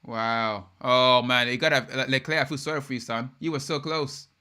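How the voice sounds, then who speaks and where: A young man hosting a live race watch-along, reacting in an excitable, slangy way and chatting with viewers. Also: medium pitch, normal speed, clear, resonant tone. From United Kingdom. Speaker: live stream host.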